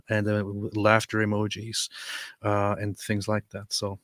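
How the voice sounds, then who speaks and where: A man's voice: lowish voice, monotone, normal speed, a bit bright, dry recording. A man hosting a casual reaction commentary, sarcastic and mocking, often laughing through his remarks. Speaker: commentary stream host.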